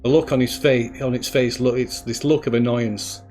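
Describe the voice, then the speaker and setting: A man's voice: medium pitch, fairly even intonation, normal speed, darkish tone, faint music behind. A man narrating as game master in a tabletop role-playing session, stopping and restarting often as he searches for words.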